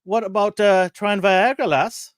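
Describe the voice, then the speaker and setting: A man's voice: sits high, steady tone, a little slow, dry recording, clean studio sound, pitched above the performer's own voice. A man doing a jaunty Irish doctor. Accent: put-on Irish. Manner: jaunty put-on brogue. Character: Irish male doctor, calm and helpful.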